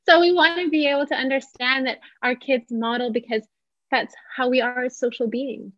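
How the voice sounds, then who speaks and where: A woman's voice: a little high, quick pace, no echo, muffled recording. Chatty woman on dry video-call audio. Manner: warm, chatty, acts out parents' quotes. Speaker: psychotherapist leading a parenting workshop. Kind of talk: online workshop talk.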